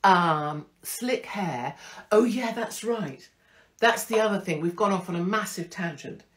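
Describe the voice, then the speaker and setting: A woman's voice: medium pitch, animated, unhurried, a bit bright. A middle-aged woman hosting a casual live stream, blunt, rambling and profane. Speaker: host.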